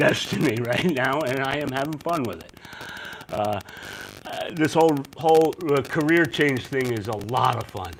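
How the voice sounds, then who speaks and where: A man's voice: mid-range voice, slight background noise, rough recording. A man hosting a casual live stream about his oyster farm, talking in an exuberant, rambling way with many restarts.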